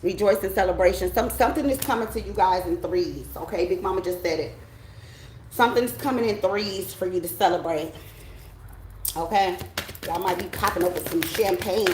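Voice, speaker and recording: A woman's voice: medium pitch, roomy sound, a little hiss or hum, poor audio. Blunt, profane woman tarot reader. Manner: emphatic, blunt and profane, often checking in with listeners. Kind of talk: casual spiritual pep talk.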